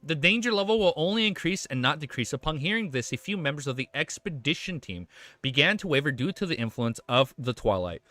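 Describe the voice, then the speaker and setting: A young man livestreaming, chatting casually with his chat and reading a web novel aloud, excitable and swearing freely. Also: fairly high pitch, fairly quick, no room sound.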